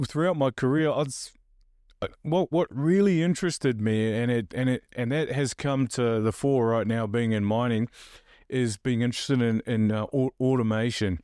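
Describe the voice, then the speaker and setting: A man from New Zealand with a New Zealand accent, a podcast guest talking casually and haltingly with many restarts. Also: medium pitch, a little mellow, clean tone, no echo, studio quality. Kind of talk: casual interview talk.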